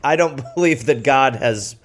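A man's voice: medium pitch, measured pace. A man co-hosting a comedy podcast, reacting sarcastically and laughing often. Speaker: podcast co-host.

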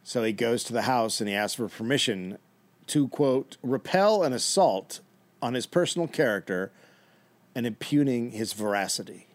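A man's voice: mid-range voice, expressive, normal speed. A man hosting a comedy podcast, retelling history in a dry, matter-of-fact way. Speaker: podcast host telling the history. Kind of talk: casual storytelling.

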